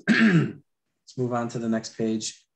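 A man demonstrates storyboard drawing live, talking in a loose, chatty way full of fillers and restarts. His throat is dry and he clears it often. His voice sits at an ordinary middle pitch. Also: very animated, slow pace. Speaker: storyboard artist teaching a demo.

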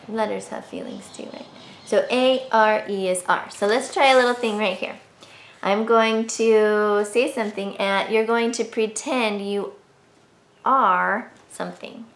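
A woman's voice: medium pitch, gravelly, a bit bright. A woman teaching a children's reading lesson, sounding out letters in a sing-song, encouraging way. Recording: echoey room with faint hiss.

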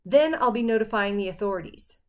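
A woman's voice: mid-range voice, lively intonation, brisk, lightly acted. Brief: tense, stern mom, read by a woman, firm and worried, audiobook. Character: worried, stern middle-aged mother.

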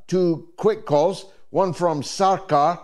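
Slow, deliberate man. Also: sits high, steady tone, a little mellow. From Scotland. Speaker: talk show host. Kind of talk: call-in talk show.

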